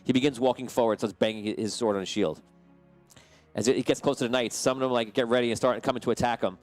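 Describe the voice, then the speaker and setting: Casual male game master, mid pitch, chatty play-by-play narration over faint music. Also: fairly even intonation, fast. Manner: casual, descriptive, with frequent fillers.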